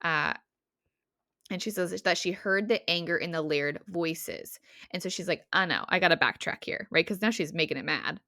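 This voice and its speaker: Woman retelling a book scene, low voice. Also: lively intonation, moderate pace, pushed and bright, dry recording. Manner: retells scenes animatedly, acting out lines. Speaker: podcast co-host. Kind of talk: casual book discussion.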